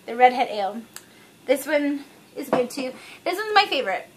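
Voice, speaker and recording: A woman's voice: sits high, sing-song, moderate pace, background noise. A woman vlogging to camera, chatty, rambling and frankly profane. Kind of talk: casual chat to camera.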